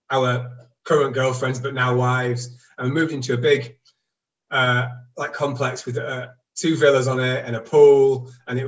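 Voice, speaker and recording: As a guest, a man in his forties recounts his own story casually and reflectively, being candid and self-deprecating while halting and starting over. He has a mid-range voice, sits far from the mic, and the audio sounds dull.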